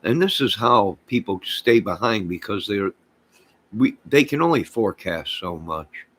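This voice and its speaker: A man's voice: on the low side, animated, unhurried, fairly bright tone. A man chatting casually on his small vlog channel, rambling in a folksy, loose way.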